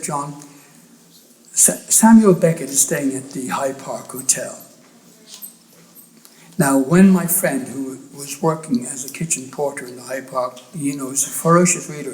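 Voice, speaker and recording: A man's voice: on the high side, low-quality recording. An Irish man in his seventies, a photographer giving a festival talk, telling rambling, enthusiastic anecdotes full of restarts and asides. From Ireland. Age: 70s. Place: lecture room at a festival.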